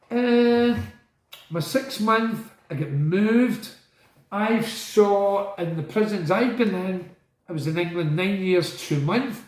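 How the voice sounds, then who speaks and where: A man's voice: high-pitched, roomy sound, poor audio. A man telling stories about his time as a prisoner in a rambling monologue. He is blunt, swears, strays off track and asks and answers his own questions.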